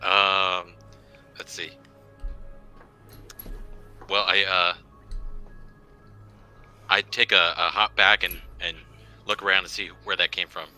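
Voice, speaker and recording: A man's voice: sits low, level tone, takes it slowly, long pauses, pushed and bright, faint music behind. A man playing a tabletop game, casual and joking, hesitant at times. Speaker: player.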